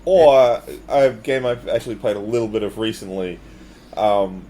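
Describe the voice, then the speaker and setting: A man's voice: on the low side, normal speed, warm tone. A man co-hosting a podcast, talking in an emphatic, opinionated way during casual chat. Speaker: podcast co-host.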